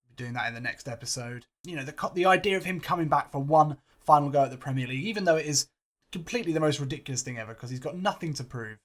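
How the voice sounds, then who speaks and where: A man's voice: a little high, animated, racing, fairly bright tone. A man hosting a gaming channel, talking in casual, rambling, self-mocking commentary. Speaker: game channel host.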